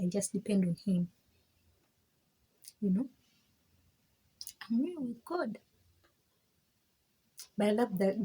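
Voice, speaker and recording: A woman speaks frankly in a personal testimony, with a very husky, breathy voice and a mellow, warm tone. She talks in emphatic bursts, repeats words and restarts her sentences, and laughs between points. Her pitch sits in the middle range. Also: rough recording. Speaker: vlogger sharing her faith testimony.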